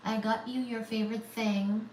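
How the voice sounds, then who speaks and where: A woman's voice: on the high side, flat delivery, moderate pace, a little mellow, roomy sound, a little hiss or hum, low-quality recording. A woman from India hosting a physics channel livestream, reading viewer comments aloud and answering them in a teasing, chatty way. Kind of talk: casual livestream chat.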